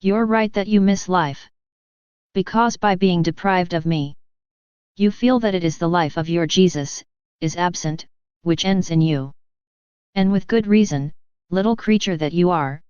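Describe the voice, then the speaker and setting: A woman reading the words of Jesus, a gentle and earnest divine man, in a solemn, measured devotional book reading. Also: lowish voice, clean tone, no room sound, lo-fi sound, natural voice.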